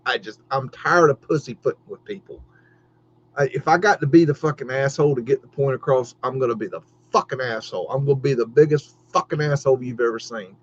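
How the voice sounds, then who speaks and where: A man's voice: mid-range voice, a little fast. A middle-aged man hosting a livestream, ranting heatedly with lots of swearing and stammered restarts. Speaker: podcast host. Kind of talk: livestream rant. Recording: dull lo-fi stream audio.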